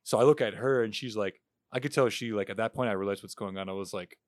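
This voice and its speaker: A man's voice: lowish voice, fast talker, no room sound, studio quality. A young man on a podcast, telling a story in casual chat, swearing freely and acting out what everyone said. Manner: profane, animated storyteller acting out quotes. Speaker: podcast co-host.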